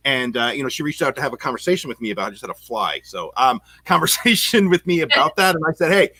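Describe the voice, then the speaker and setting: A man from Canada hosting a casual podcast, talking in an excitable, rambling way with many fillers and restarts. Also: medium pitch, fast talker, breathy edge, no room sound. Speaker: podcast host and real estate coach.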